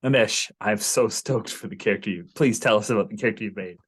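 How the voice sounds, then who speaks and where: A man's voice: lowish voice, fast, breathy edge. A man acting as game master of an online tabletop game, eager and enthusiastic.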